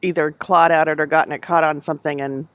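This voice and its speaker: Her voice is low-pitched and fairly bright, with fairly even intonation and a quick pace. She's a middle-aged woman hosting a casual knitting livestream from home over a headset mic, rambling chattily with many fillers.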